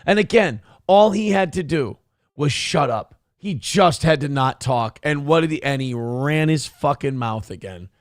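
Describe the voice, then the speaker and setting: On a close, echo-free mic, a male show host speaks a little slowly in a slightly high voice with lively intonation. His political commentary comes as a sarcastic, profane rant.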